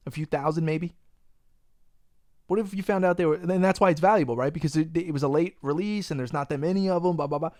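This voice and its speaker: A young man hosting a podcast, animated and profane, ranting in casual chat. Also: a little high, a little fast, no echo, clean studio sound. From Long Island, New York. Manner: profane, animated ranting, says "bro" a lot. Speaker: podcast host.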